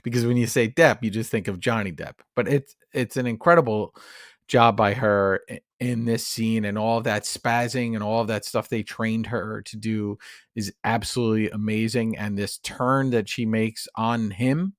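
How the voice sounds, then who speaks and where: A man's voice: on the low side, steady tone, normal speed, no room sound, studio quality. A man co-hosting a podcast, chatting casually and enthusiastically about a movie. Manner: enthusiastic, rambling with fillers. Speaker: podcast co-host. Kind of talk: casual film discussion.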